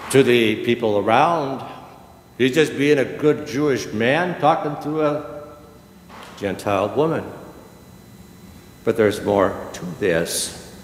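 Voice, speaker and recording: An older man, a pastor, preaching a sermon slowly and emphatically, with dramatic pauses. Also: medium pitch, slight background noise. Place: church sanctuary. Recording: echoey church hall with long reverb.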